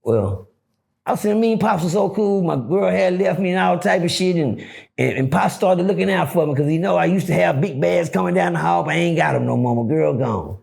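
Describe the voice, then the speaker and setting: A middle-aged man telling prison stories in an animated way, acting out other people's voices and swearing freely. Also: a little fast, creaky. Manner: acts out voices, swings pitch widely, swears freely. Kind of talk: animated storytelling.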